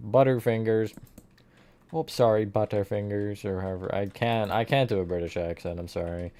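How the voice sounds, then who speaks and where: A man's voice: deep voice, fairly even intonation, a little fast, a little mellow. A man streaming live, chatting casually with his viewers while he builds, often laughing at his own slips. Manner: chatty, self-mocking, answers chat mid-task.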